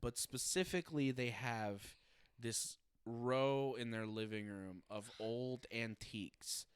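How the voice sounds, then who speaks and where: A man's voice: mid-range voice, takes it slowly, clear, resonant tone, no echo, clean studio sound. A young man hosting a podcast, chatting casually, swearing freely and laughing often. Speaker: podcast host. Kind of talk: casual chat.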